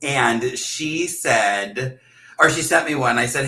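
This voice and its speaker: A man's voice: medium pitch, slow, pushed and bright. A man hosting a casual livestream chat, animatedly telling stories, acting out quotes and laughing often. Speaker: host. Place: room in a house. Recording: echoey room.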